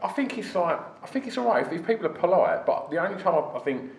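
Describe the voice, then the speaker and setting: A man talks things through in a measured way. His pitch moves a lot as he speaks. The room is echoey with faint noise behind him. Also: big pitch swings. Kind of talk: casual chat.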